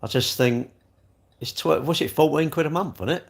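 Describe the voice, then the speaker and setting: A man's voice: a little high, moderate pace, creaky. A man, hosting a live stream and rambling jokily as he answers viewers' comments. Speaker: livestream host reading chat. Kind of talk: casual live chat.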